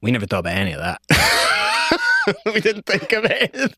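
Man telling a lively story. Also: sits high, brisk, slightly rough, no room sound. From Scotland. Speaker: interview guest. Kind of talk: storytelling in a conversational interview.

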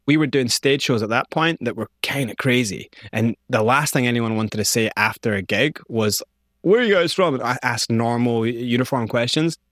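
A man, an interview guest, telling his story in an animated, conversational way. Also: mid-range voice, moderate pace, hardly any pauses, no echo, clean studio sound. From Scotland.

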